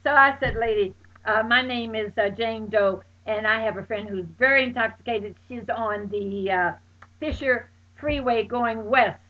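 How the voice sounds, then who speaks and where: A woman telling a story about her night out, bursting into loud exclamations and acting out her friends' voices. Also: fairly high pitch, unhurried. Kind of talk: animated personal anecdote. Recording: dull lo-fi recording.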